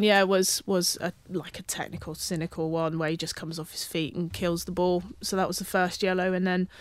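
A woman's voice: lowish voice, dry recording. A woman rugby referee talking casually on a podcast, retelling match incidents with lots of restarts. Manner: animated storytelling with many restarts.

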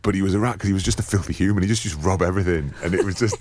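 A man's voice: sits low, rapid-fire, noisy background. A man from northern England, a former rugby player co-hosting a podcast and telling stories with a laugh. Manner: laughing storyteller, puts on voices. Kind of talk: casual chat.

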